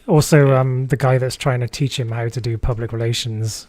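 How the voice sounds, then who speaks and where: A man's voice: mid-range voice, normal speed, no room sound. Chatty man streaming a game. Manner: relaxed, chatty, reads chat aloud, frequent fillers. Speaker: streamer host. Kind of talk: casual gaming livestream chat.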